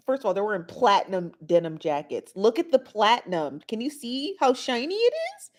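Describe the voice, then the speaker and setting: A woman's voice: medium pitch, very animated, fairly quick, few pauses. A woman, chatting animatedly as a podcast co-host and laughing often. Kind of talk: casual chat.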